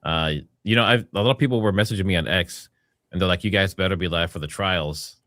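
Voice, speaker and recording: A man's voice: sits low, fast, bright, forceful tone, no room sound, studio quality. A man hosting a live stream in an upbeat, casual way, reading viewer messages and thanking them. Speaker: live-stream host reading super chats.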